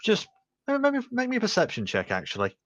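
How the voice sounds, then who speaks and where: A man's voice: high voice, wildly swooping pitch, a little fast, a bit bright, dry recording, muffled recording. A man acting as game master, narrating a tabletop game in a loose, rambling way.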